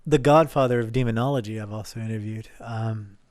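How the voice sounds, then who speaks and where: A man's voice: fairly low pitch, fairly quick, a little mellow, dry recording, clean studio sound. A man co-hosting a podcast, chatting casually and cracking short jokes. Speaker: podcast co-host. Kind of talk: casual chat.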